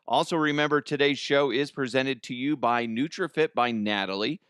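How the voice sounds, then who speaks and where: A man's voice: mid-range voice, normal speed, fairly bright tone, smooth, dry recording, clean studio sound. A man hosting a comedic news podcast in a casual, joking way, laughing often; he sounds like he is in his thirties and records at home. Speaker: podcast host.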